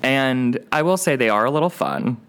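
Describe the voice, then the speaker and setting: A young man co-hosting a podcast, chatting casually and telling animated, profane stories with frequent laughter. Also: mid-range voice, normal speed, clear, resonant tone. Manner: animated storyteller, swears freely, laughs often. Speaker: podcast co-host. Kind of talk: casual chat.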